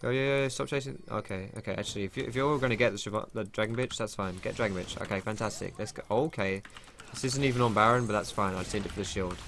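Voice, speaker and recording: A man giving excitable live commentary over his own gameplay, thinking aloud and swearing casually. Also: fairly low pitch, fast, hardly any pauses, a little hiss or hum. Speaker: gaming streamer. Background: keyboard typing.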